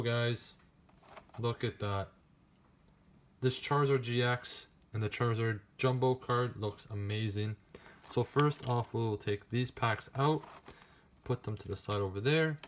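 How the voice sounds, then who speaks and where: A man narrating as he opens trading card packs on camera, excited and chatty, speaking straight to his viewers. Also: medium pitch, slight background noise. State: nervous and shaky. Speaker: card-opening vlogger. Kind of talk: casual unboxing narration.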